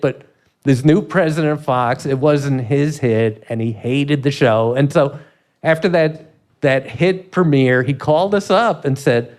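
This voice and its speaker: A man in his sixties, a comedy writer telling stories in an interview, animated and laughing often as he acts out quotes. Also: medium pitch, unhurried. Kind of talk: storytelling in a podcast interview.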